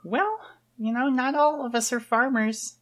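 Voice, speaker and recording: A woman's voice: high voice, unhurried, fairly bright tone, pitched above the performer's own voice. A woman playing a bluffing young inventor. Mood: defensive. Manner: hesitant, rambling with fillers.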